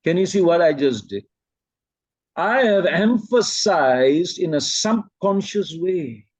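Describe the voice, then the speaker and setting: A man from Malaysia teaching a presentation-skills workshop, speaking slowly and deliberately and quizzing his audience. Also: sits high, lively intonation, darkish tone, dry recording.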